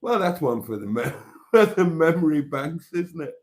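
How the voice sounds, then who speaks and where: A man's voice: on the high side, very animated, moderate pace. Rambling, self-mocking man. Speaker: live stream host. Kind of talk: casual live stream chat.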